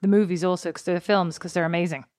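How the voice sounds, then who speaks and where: An Irish woman in her thirties, co-hosting a podcast in casual chat, telling stories with animated self-mockery. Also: fairly low pitch, fast talker, no echo, studio quality. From Ireland. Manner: animated, storytelling, self-mocking. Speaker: podcast co-host.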